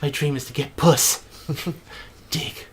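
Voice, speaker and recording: A man's voice: fairly high pitch, steady tone, takes it slowly, husky. A man hosting a let's play, reading in-game text with mock drama and joking asides.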